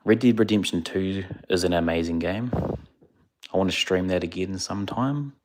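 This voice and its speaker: A laid-back male streamer, chatting casually with viewers. His voice sits very low, and he rambles a bit, sounding a little sleepy. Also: moderate pace, a little mellow. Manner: laid-back, rambling, answers chat questions. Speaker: livestreamer. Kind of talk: casual live-stream chat.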